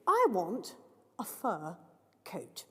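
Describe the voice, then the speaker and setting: A woman's voice: mid-range voice, huge pitch swings, extremely slow, bright, forceful tone, pitched below the performer's own voice, full character voice. A woman voicing a greedy, thin young girl who demands things shrilly. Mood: demanding. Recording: long reverb of a large hall.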